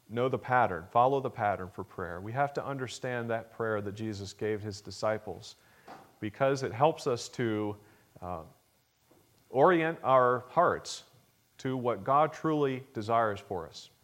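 Earnest male pastor preaching. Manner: earnest, builds to emphatic peaks then drops low and soft; acts out a child's pleading voice in a story. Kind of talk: sermon.

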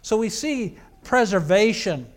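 A man's voice: high-pitched, animated, unhurried. A man preaching a sermon, telling a scripture account in a conversational, storytelling way.

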